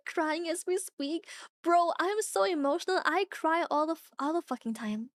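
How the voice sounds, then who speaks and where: A young woman streaming, chatting casually with viewers, animated, swearing often and laughing a lot. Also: very high-pitched, moderate pace, no room sound. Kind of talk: casual chat reacting to viewers.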